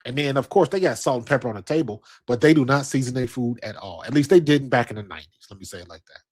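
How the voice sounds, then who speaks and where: A man's voice: medium pitch, animated, fast talker, husky. A middle-aged man from the United States spins a casual travel story in a loose, slangy ramble. He circles back on himself constantly, restarting sentences and tossing in asides as he goes. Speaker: sports stream host.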